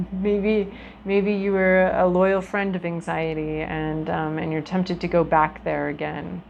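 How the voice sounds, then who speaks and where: Woman with a gravelly voice reading tarot. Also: fairly low pitch, little pitch movement, slow, highs cut off, slight background noise. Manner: chatty and reflective, with frequent ums and restarts. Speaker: tarot reader. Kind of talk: casual tarot reading to camera.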